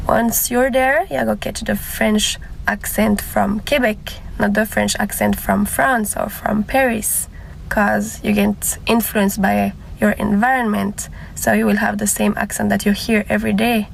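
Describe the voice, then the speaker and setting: A woman with a Jamaican-influenced accent calmly explaining her point. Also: medium pitch, measured pace, creaky, slight background noise, rough recording. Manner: calm, reasoning explanation. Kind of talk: social media clip.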